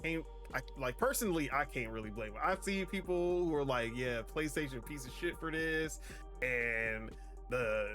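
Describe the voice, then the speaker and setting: A man's voice: medium pitch, expressive, moderate pace, bright, forceful tone, soft background music. A young man co-hosting a gaming podcast, talking in rambling, slangy casual chat. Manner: rambling, slangy, restarts sentences. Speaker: podcast co-host.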